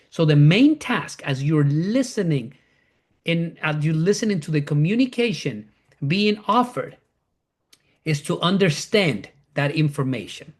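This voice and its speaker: A man's voice: high voice, expressive, measured pace. A man teaching a Bible class, repeating key phrases, often restarting and correcting himself as he explains.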